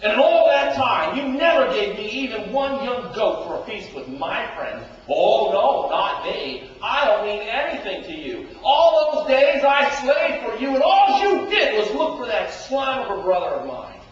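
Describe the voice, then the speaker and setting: A man playing a bitter, resentful older brother who shouts his grievances with indignant sarcasm, in an echoey church recorded from far off. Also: high voice, moderate pace, hardly any pauses, highs cut off, pitched above the performer's own voice, natural voice. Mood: bitter, furious. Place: church sanctuary.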